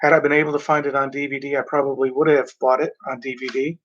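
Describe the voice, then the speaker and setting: A man chats about old movies in a loose, rambling way, stopping often to clear his throat and stumble over words. His voice sits at an ordinary middle pitch. The recording sounds a little dull and lo-fi. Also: little pitch movement, fairly bright tone. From Mexico. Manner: rambling, halting, frequent throat clearing and fillers. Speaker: movie reviewer. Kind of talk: casual movie talk, reading back covers.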